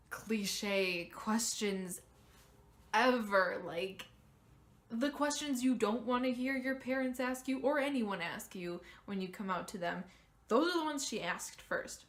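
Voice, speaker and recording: A young woman vlogger candidly telling a personal story, getting animated when she quotes others. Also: medium pitch. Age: young adult.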